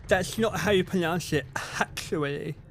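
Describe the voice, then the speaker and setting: A man's voice: high voice, moderate pace, slight background noise. A man voicing a smug, pedantic know-it-all who corrects people in a condescending tone.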